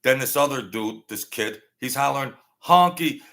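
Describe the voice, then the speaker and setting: Male live-show host, rambling storyteller, gravelly voice. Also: mid-range voice, fairly even intonation, normal speed, fairly bright tone. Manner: rambling, repetitive, thanks viewers by name. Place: small home studio setup.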